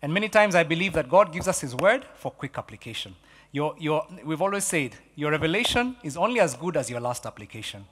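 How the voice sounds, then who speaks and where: A man preaching a sermon as pastor, animated, repeating key phrases and swinging from loud exclamations to hushed lines. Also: on the high side, fairly quick, slightly rough, in a large hall. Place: church hall.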